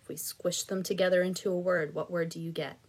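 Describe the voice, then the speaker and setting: A woman teaching reading to children, patient and encouraging, slowly and clearly spelling out syllables. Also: on the low side, little pitch movement, a little mellow. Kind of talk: slow, clearly enunciated instruction for children.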